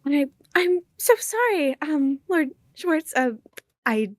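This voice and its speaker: A woman's voice: high voice, lively intonation, slow, dry recording, studio quality, pitched above the performer's own voice. A woman voicing a polite, hesitant young debutante who stammers through her words. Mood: flustered.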